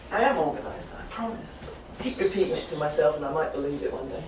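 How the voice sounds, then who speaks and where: A woman teaching an English writing class, playful and quick to laugh, often teasing herself. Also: low-pitched, lively intonation. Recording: echoey classroom, distant mic, faint hiss.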